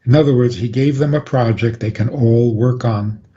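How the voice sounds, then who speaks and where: A man, a rabbi, calmly explaining on a radio talk program and chuckling often. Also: mid-range voice, normal speed. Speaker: rabbi guest. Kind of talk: radio interview, Torah teaching. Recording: dull lo-fi radio audio.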